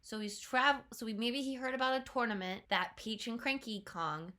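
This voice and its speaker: Bright-voiced chatty woman reacting. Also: on the high side. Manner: chatty, laughs often, slips into quick playful voices for characters. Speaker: trailer reaction host. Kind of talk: casual reaction commentary.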